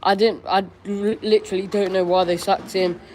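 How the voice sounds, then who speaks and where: A man's voice: high voice, little pitch movement, normal speed, a little hiss or hum. A young man hosting a live-stream Q&A, reading viewers' questions aloud and answering in a chatty, candid way with casual slang. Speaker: football fan streamer.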